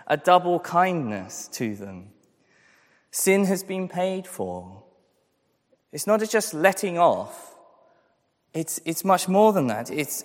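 A man preaches with earnest emphasis, often repeating phrases for weight. His voice sits a little high for a man. The sound carries the long reverb of a church hall. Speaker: pastor. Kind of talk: sermon.

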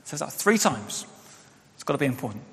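A man's voice: mid-range voice, very animated, brisk, a bit bright. A young man preaching a sermon as pastor, candid and conversational, with self-deprecating asides. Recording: church hall with long reverb.

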